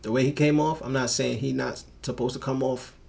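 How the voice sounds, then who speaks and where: A man hosting a reaction video, talking in profane street slang with animated outbursts. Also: mid-range voice, fairly quick, creaky. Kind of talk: casual commentary over a clip.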